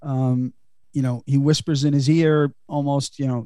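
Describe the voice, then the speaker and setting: A man's voice: medium pitch, flat delivery, normal speed, warm tone, no echo, studio quality. A man hosting a podcast, giving a casual, chatty film recap full of fillers and laughs. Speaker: podcast host.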